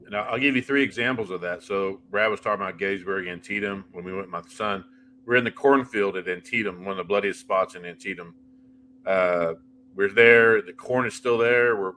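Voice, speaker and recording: A middle-aged man with a low, bright, forceful voice tells ghost-hunting stories in an animated, anecdotal way, restarting sentences as he goes. He talks freely and casually. A faint hiss sits under his voice. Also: a little fast. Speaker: paranormal investigator guest. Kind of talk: casual interview chat.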